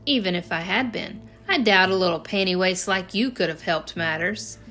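A woman's voice: lowish voice, moderate pace, bright, forceful tone, soft background music. A woman reading the part of a sarcastic, ungrateful young boy who scorns his rescuer, in a storybook reading. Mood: scornful.

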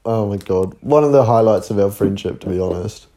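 A man's voice: fairly low pitch, a little fast, warm tone. A young man, co-hosting a podcast, telling a rambling, sweary story and laughing often. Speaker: podcast co-host. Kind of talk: casual storytelling chat.

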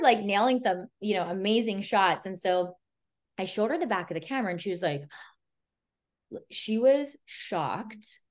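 A woman photographer as a podcast guest, casually telling stories in a chatty way, full of "like" and "you know" and acting out what people said. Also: medium pitch. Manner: chatty, filler-heavy, retells scenes with quoted dialogue. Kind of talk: casual storytelling chat.

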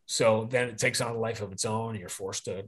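A man's voice: on the low side, steady tone, fairly quick, husky. A man talking as a podcast guest, rambling and opinionated, often correcting himself mid-sentence. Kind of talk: casual podcast conversation.

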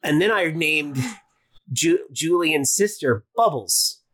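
A man with a somewhat high voice talks eagerly and rambles through a casual cast chat, tripping over restarts. The sound is close and dry, with no room in it. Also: takes it slowly, no echo. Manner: excited, rambling with restarts and laughs. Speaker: writer of the audio drama.

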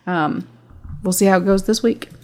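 On a relaxed podcast, this fifty-something female co-host talks straight, unfiltered, and laughs readily as she goes. Her voice is a typical mid pitch for a woman, darkish and steady in tone, at a moderate pace.

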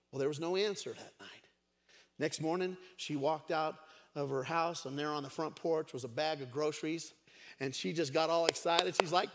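A man's voice: fairly high pitch, steady tone, a little fast, a bit bright. A man preaching a sermon as a pastor, chatty and storytelling, with frequent fillers. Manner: conversational storytelling, many fillers. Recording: echoey hall.

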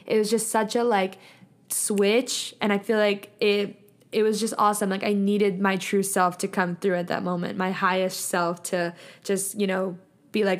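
A woman's voice: mid-range voice, little pitch movement, normal speed. Chatty young woman saying "like" constantly. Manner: chatty, says "like" constantly, reflective and earnest. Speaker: podcast host. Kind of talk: casual solo podcast monologue.

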